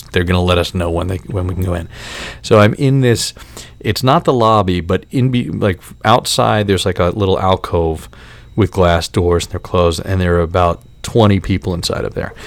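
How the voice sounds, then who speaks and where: A man in his forties hosts a podcast and rants in a casual, heavily profane, exasperated way. His voice is gravelly with a lot of vocal fry. He sits close to the mic in a dry room with no echo. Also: low voice. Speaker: podcast host.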